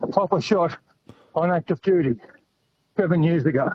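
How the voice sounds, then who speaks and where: An older Australian man calling in to a radio show while running, out of breath, earnest and halting. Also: a little high, husky, no echo, highs cut off. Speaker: caller. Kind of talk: casual phone chat while running.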